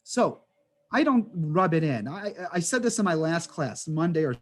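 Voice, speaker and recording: High-voiced rabbi teaching over video call. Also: male voice, moderate pace. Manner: animated storytelling with rhetorical questions and asides. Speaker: rabbi teaching an adult education class. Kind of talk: conversational class talk over video call.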